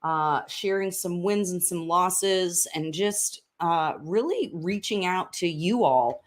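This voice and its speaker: An upbeat woman talks politics in a casual home chat, chatty and full of fillers. Her voice sits on the low side for a woman. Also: slow pace. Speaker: podcast host and congressional candidate. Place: room in a house under renovation.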